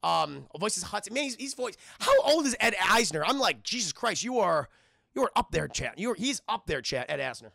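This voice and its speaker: A man's voice: sits high, big pitch swings, normal speed, creaky, bright, forceful tone, no echo, clean studio sound. A man recapping a film on a live stream, rambling and profane, talking to his chat.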